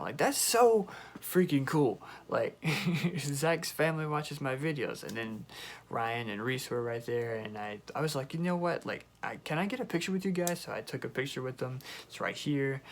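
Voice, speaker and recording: A young man telling a storytime vlog, excitable and rambling, with lots of filler words. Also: medium pitch, vocal fry, slight background noise. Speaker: YouTuber.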